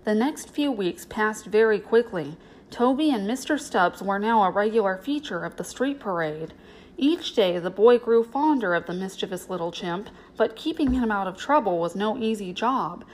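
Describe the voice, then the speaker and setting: A woman reading a storybook aloud in a steady, clear narrating manner. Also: mid-range voice, normal speed, poor audio. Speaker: reader.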